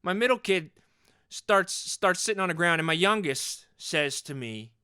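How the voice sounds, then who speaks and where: Guy doing a bragging hothead dad on a comedy podcast, rambly, bright bouncy voice, dry close sound. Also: sits high, lively intonation, moderate pace, smooth, no echo. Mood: worked up. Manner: rambling, boastful, repeats himself. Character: hot-headed, overcompetitive middle-aged sports dad. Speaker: podcast host in character. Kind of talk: improvised comedy podcast monologue.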